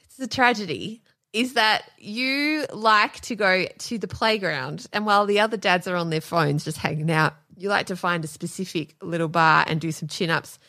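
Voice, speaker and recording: A woman's voice: fairly low pitch, moderate pace, sharp tone. A woman, co-hosting a casual chat, teasing her husband and laughing often as she tells a story. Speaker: podcast co-host.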